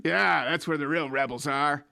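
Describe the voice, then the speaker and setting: A man's voice: on the high side, moderate pace, gravelly, bright, forceful tone, dry recording. A man hosting a podcast, chatting casually and joking with a guest. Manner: joking, laughs often. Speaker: podcast host. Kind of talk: casual chat.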